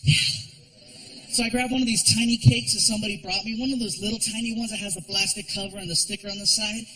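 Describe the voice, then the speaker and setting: A man doing an animated stand-up comedy routine on a theater stage, telling stories with lots of voices. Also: high voice, very fast, poor audio. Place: large theater.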